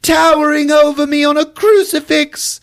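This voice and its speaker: A man voicing a frightened young woman in a horror film recap, shrill and panicked. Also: steady tone, normal speed, creaky, a bit bright, heavily acted. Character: frightened young woman shrieking after a nightmare.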